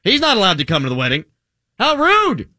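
An American man hosting a show, chatting in an animated, opinionated way. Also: fairly high pitch, rapid-fire, dry recording, clean studio sound. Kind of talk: casual talk-show chat.

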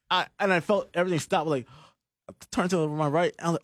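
A man's voice: on the high side, steady tone, a little fast, long pauses, no echo. A young man in casual chat, telling a story with lots of fillers and laughs.

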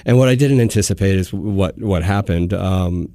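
A man telling a long personal story in casual chat, animated, with frequent restarts. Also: sits low, normal speed, no room sound, studio quality. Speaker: guest.

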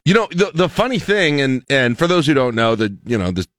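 A man hosts a casual chat show and tells stories in a loose, rambling way, often breaking off and restarting his sentences. His voice sits at an ordinary middle pitch. The sound is close and dry, with no room around it. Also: big pitch swings, a little fast, a bit bright, dry recording. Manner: rambling, self-interrupting storyteller with frequent restarts.

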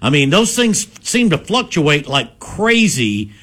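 A man's voice: fairly high pitch, very animated, takes it slowly, fairly bright tone. A man hosting a local sports radio show, talking in a jovial, self-deprecating way and throwing questions to his guest.

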